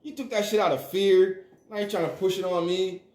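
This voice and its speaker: A man's voice: sits high, fairly even intonation, a little fast, darkish tone, reverberant. A man hosting a livestream, ranting in a casual, profane and emphatic way. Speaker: livestream host.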